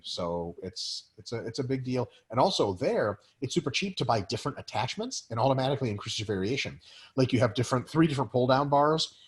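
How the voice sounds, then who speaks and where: A man co-hosting a casual talk webinar, excitable and profane as he chats and answers listener questions. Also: medium pitch. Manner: profane, excitable, lots of swearing. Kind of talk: casual chat.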